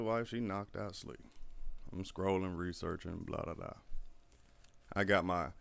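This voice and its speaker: Brief: man, gravelly low voice, profane animated storyteller. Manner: profane, animated storyteller who acts out quotes. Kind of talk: casual storytelling chat.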